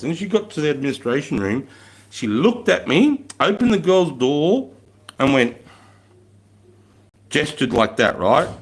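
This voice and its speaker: An Australian man in his thirties, a former army instructor, telling stories in a casual live stream with blunt, heavily profane speech. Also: lowish voice.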